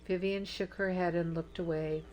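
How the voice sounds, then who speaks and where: A woman narrating an audiobook in a slow, measured storytelling manner. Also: fairly low pitch, fairly even intonation, a little mellow, soft background music.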